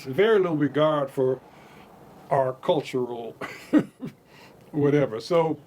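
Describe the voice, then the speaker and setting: A man casually telling stories from his own life, animated, chuckling and repeating words as he goes. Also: a little high. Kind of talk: casual spoken memoir storytelling.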